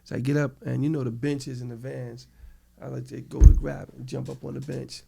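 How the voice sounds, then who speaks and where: Middle-aged New York man, very gravelly, animated storyteller in a casual interview. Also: medium pitch, a little fast. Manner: animated storytelling, acts out quoted people. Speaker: interview guest.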